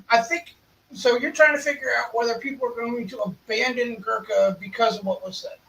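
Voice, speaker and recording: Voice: mid-range voice, steady tone, normal speed, creaky, a bit bright, distant mic, low-quality recording. Teasing co-host set back from the mic.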